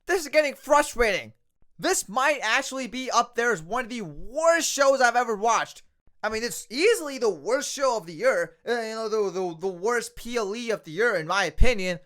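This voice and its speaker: A man's voice: extremely high pitch, expressive, normal speed, fairly bright tone. A man reviewing a wrestling show in a ranting video, exasperated, firing off repetitive rhetorical questions.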